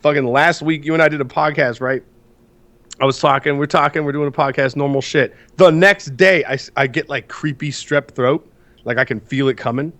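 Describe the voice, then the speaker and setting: A man's voice: fairly high pitch, normal speed. A man co-hosting a casual podcast, ranting with lots of swearing, congested from sinus trouble. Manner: profane, ranting, animated storytelling. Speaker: podcast co-host.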